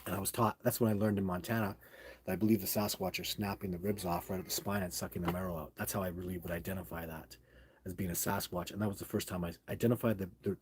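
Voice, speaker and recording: A man hosting a live stream, chatting casually and rambling as he answers viewer questions, often restarting sentences and getting excited. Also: sits low, a little hiss or hum.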